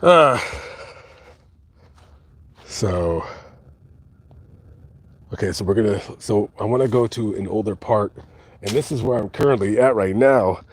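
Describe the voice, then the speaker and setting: A man live-streaming outdoors in a cemetery, talking casually and reading viewer comments, with many halting restarts and fillers. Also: on the low side, slightly rough. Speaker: vlogger reading live chat.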